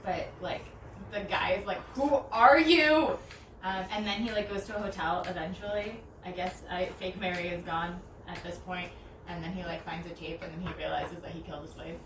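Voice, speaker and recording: A young woman chatting casually while crafting, giggling and rambling through a long story with quick put-on voices. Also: fairly low pitch, flat delivery. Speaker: DIY crafter. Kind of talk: casual chat. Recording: echoey, distant, noisy room mic.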